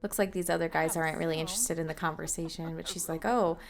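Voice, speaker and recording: A woman's voice: deep voice, little pitch movement, fast, gravelly, a crowd in the background. A woman hosting a let's play, chatting casually as she narrates her game with fillers and small laughs. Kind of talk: casual gameplay commentary. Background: game music.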